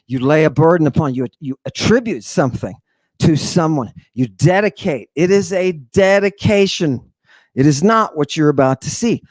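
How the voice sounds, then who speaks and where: A man giving an informal lecture on ancient texts in a theatrical way, swinging between hushed, dark asides and excited outbursts. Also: a little high, moderate pace, no echo.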